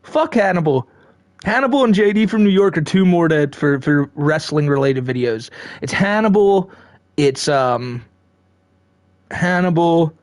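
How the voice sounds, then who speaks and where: Profane streamer man, fairly high voice. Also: measured pace, a little mellow, dry recording, clean studio sound. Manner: profane, rambling, laughs often. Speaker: live streamer reading chat. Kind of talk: casual live-stream chat.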